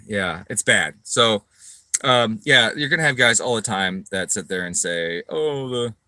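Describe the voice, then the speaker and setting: Guy running a parts business, casual rant, lots of cussing, crisp bright tone, no room sound. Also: slow pace, pauses often, no echo. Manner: profane, ranting, mocks critics in shrill voices. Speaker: car parts business owner answering live chat. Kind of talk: casual livestream chat.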